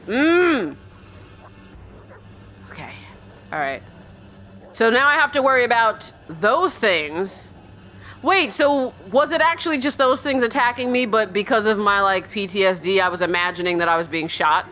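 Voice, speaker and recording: A woman playing a horror game and commenting as she goes, jumpy, yelping when startled and muttering quietly when she is tense, often calling to her in-game dog. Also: mid-range voice, lively intonation, normal speed, slight background noise. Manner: jumpy, yelps and shrieks, then drops to a hushed mutter. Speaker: let's play streamer.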